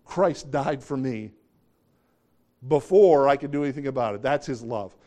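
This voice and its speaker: A man's voice: mid-range voice, normal speed, mellow. A middle-aged man preaching a sermon, earnest and emphatic, reading scripture and asking his congregation questions.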